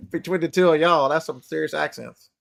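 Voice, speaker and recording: A man's voice: on the high side, creaky, fairly bright tone. A man with a Southern American accent, chatting casually and emphatically on a live stream, often repeating himself for emphasis.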